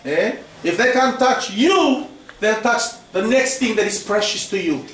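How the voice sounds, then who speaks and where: Preaching at a mission training, this man keeps punctuating his sermon with "praise the Lord" and "eh?". He speaks high-pitched and animated at a measured pace, his tone fairly bright. The echoey church hall is recorded from a far-off mic.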